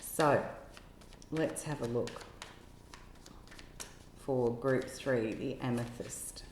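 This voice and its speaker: A woman giving an intuitive tarot love reading in a gentle, musing way, now and then exclaiming with delight. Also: rumbling low, very slow, slight background noise. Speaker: tarot reader. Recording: echoey room with faint ambience.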